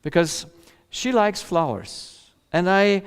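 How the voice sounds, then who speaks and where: A man lecturing at a seminar, talking slowly and unhurriedly in a high voice. His tone is smooth and clear, and he keeps things conversational, pausing to check in with the audience and chuckling at his own anecdotes. The sound carries a long reverb from a large hall. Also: animated. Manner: conversational, checks in with "yeah?" and "yes?". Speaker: seminar speaker.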